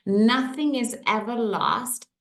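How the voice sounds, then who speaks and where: A middle-aged woman coach telling stories in a casual talk to an online group, lively, with quick jumps in pitch. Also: echoey room.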